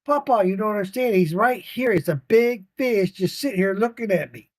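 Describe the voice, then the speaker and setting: A man's voice: lively intonation, normal speed, no room sound, studio quality. A man doing a pleading little girl. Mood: insistent. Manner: high, pleading, insistent child's voice. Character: impatient little granddaughter, young girl.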